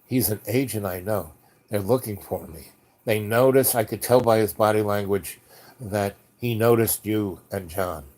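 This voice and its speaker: A man doing an emotional grown man who pours his words out in quick, earnest rushes. It is a light storyteller's voice, lightly shifted from the teller's own. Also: lowish voice. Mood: worried. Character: anxious, emotional grown man, a former assassin.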